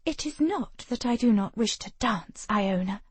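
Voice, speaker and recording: A woman voicing a flustered, quick-witted young woman who protests in a hurried way, in an audiobook. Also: medium pitch, animated, breathy edge, no echo.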